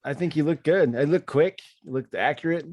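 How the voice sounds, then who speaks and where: A man's voice: a little high, a little fast, a little mellow, no echo. Easygoing man in podcast chat. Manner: easygoing, agreeable, laughs often. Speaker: podcast co-host.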